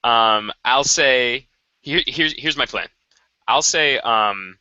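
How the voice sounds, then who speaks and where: A man's voice: mid-range voice, slow pace, pushed and bright, smooth, no room sound, lo-fi sound. A young man co-hosting a casual web show, rambling and correcting himself as he plans what to say. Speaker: co-host. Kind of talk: casual unscripted planning chat.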